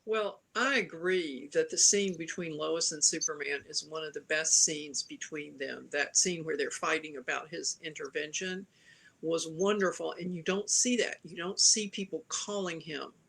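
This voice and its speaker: A woman's voice: low voice, normal speed, gravelly, a bit bright. A woman from the American South, a panelist giving opinionated film criticism with wry asides in a casual chat.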